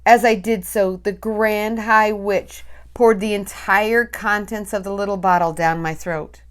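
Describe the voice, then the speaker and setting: A woman reading a storybook aloud, with slow, dramatic, breathless storytelling. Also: medium pitch, fairly even intonation. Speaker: reader.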